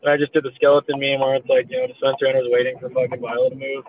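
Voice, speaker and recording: A man's voice: mid-range voice, little pitch movement, racing, slight background noise. A man in his thirties telling a story in a rambling, profane way, packed with "like" and "you know". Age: 30s. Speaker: meme creator guest. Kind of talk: casual storytelling in a podcast chat. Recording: tinny phone-like audio.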